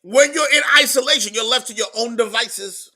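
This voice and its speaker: A man preaching a sermon in an emphatic, repetitive style, moving between quiet stretches and loud outbursts. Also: very high voice, moderate pace. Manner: emphatic preaching, repeats words, swings from soft to loud.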